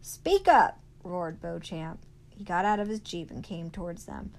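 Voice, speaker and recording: A woman, a teacher, reading a novel aloud to her class in a steady storytelling manner. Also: fairly low pitch, moderate pace, vocal fry, slight background noise, poor audio.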